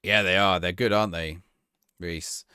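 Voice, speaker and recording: A man's voice: low-pitched, steady tone, normal speed, bright, forceful tone, smooth, dry recording, studio quality. A young man casually chatting through a live game stream, answering chat in a rambling, easygoing way and laughing often. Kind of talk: casual gameplay commentary, reading chat.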